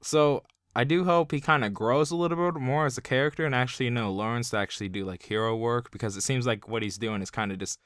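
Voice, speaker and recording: A man's voice: mid-range voice, steady tone, fast talker, few pauses, a bit bright, clean tone, no room sound, clean studio sound. A young man giving a casual spoken review, rambling with constant filler words. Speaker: video reviewer.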